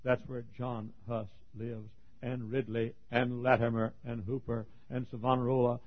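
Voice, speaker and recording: A man preaching a sermon, telling a story with strong emotion that swings between hushed tones and near-shouting, with stammers and small chuckles. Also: medium pitch, flat delivery, normal speed. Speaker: pastor. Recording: dull lo-fi recording.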